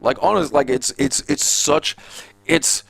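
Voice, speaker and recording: This Australian man streams a game, his fairly high voice creaky, a bit bright, and slightly rough, and he speaks a little slowly. He chats casually in a rambling, profane way with a sardonic edge.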